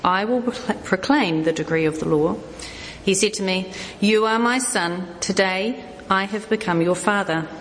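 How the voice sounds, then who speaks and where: Woman reading a psalm in a church hall. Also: medium pitch. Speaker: scripture reader. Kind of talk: reading scripture aloud in a service. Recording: echoey hall with faint noise.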